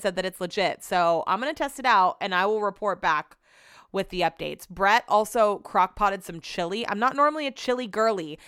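A woman's voice: mid-range voice, fairly bright tone, smooth, no echo, studio quality. A young woman hosting a casual solo podcast, chatty and exasperated, swearing freely as she rants about her week. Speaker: podcast host.

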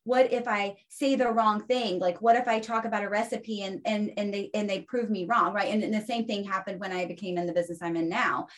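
A woman's voice: mid-range voice, brisk, hardly any pauses. Chatty woman telling her story. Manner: animated storyteller, often tags "right?". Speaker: podcast guest. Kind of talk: casual interview chat.

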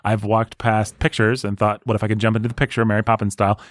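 A man's voice: on the low side, level tone, fast talker, no echo, studio quality. A man hosting a casual book podcast, playful and teasing as he reads donor names. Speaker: podcast host. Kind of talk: casual chat.

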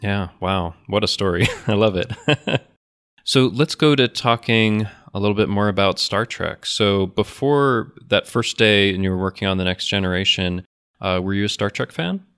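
A podcast host with a very deep, smooth voice asks questions in an easygoing, curious way. He sounds like he's settling in for a friendly conversation. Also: moderate pace, fairly bright tone. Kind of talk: casual interview.

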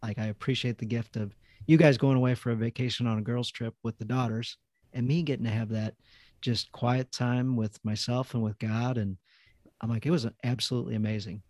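A man hosting a podcast, telling stories in a lively, friendly conversational way. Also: mid-range voice, a little fast, no room sound. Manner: lively storytelling. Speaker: podcast host. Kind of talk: casual chat.

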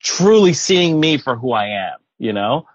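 A man's voice: mid-range voice, very animated, unhurried, no room sound, highs cut off. A man co-hosting a podcast in casual chat, effusive and emotional, swearing freely. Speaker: podcast co-host.

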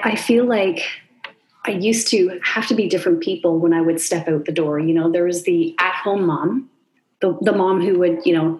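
A woman in her forties, a chiropractor co-hosting a podcast, talking reflectively and thinking aloud. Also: fairly low pitch. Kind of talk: conversational podcast chat.

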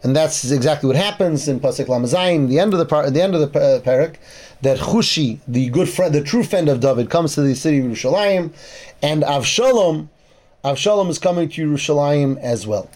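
A man's voice: a little high, expressive, fairly quick, a little mellow. A man teaching a Torah class, retelling a biblical story in plain speech and weaving in Hebrew verses and terms, with frequent restarts. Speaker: Bible teacher.

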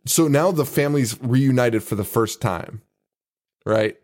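A man's voice: medium pitch, measured pace, a little mellow. A man co-hosting a podcast, recapping a movie in casual chat, laughing often, swearing, and acting out quotes from the film. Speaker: podcast co-host.

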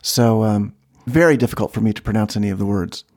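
A man's voice: on the low side, quick pace, a little mellow. A man co-hosting a comedy podcast, spinning absurd bits with a dry, mock-serious delivery. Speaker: podcast co-host. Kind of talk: comedic improvised podcast banter.

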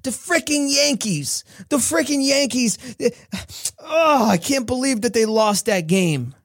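A man's voice: very high voice, animated, a little slow, voice pushed up, exaggerated voice. A man voicing a young sports fan who whines and stammers. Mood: moping. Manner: whiny, stammering. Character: young sports-obsessed kid, moping.

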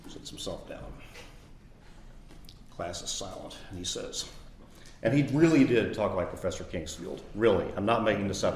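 A man in his fifties, a lawyer, giving a conversational lecture that mixes law with personal anecdotes and bursts into high mimicry of his old professor. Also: a little hiss or hum. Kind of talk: lecture with storytelling. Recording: roomy echo.

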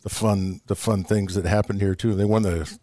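A man who once played pro baseball, now a guest telling rambling stories and chuckling as he goes. His voice sits low. It sounds close and dry, with no room around it. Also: fairly even intonation, fairly quick, warm tone, no echo. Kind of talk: storytelling in casual chat.

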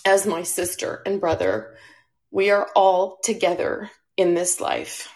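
Tearful woman speaking earnestly on stage. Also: fairly low pitch. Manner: earnest, apologetic, halting. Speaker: audience member speaking on stage. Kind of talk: emotional public remarks. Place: live stage event.

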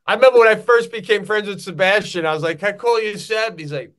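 A man, a guest comedian, reacting with excitement in casual podcast chat. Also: high-pitched, quick pace, hardly any pauses.

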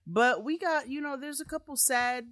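A woman co-hosting a podcast in casual chat, animated and quick to laugh, often repeating her phrases. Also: high voice, dry recording, clean studio sound. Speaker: podcast co-host.

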